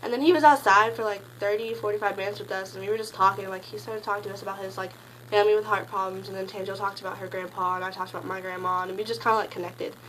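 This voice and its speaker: Teen girl vlogging, rambly excited storytelling, medium voice, a little hiss behind. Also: rapid-fire, rough recording. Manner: gushing, rambling, heavy use of "like"; bursts into high excited squeals when quoting. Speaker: concert fan recounting a meet and greet. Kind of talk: casual storytelling vlog.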